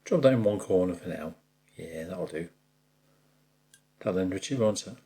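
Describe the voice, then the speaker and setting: A man talks viewers through a watercolour painting in a mellow, warm tone. His pitch moves in an animated way as he explains each step. He chats easily and pokes fun at his own mistakes along the way. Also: moderate pace. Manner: chatty, addresses the viewer directly, jokes at his own slips. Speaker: watercolour art tutor.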